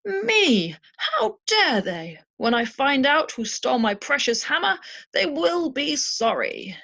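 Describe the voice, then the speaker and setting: A woman's voice: sits high, very animated, slow, creaky, bright, forceful tone, highs cut off, pitched above the performer's own voice, exaggerated voice. A woman voicing an indignant, self-righteous male thunder god who is outraged.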